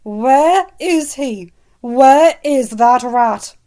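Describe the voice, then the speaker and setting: A woman doing a shrill, frantic witch mother. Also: extremely slow. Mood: furious. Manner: shrill and tearful, near shouting. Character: frantic, fiercely protective middle-aged witch mother.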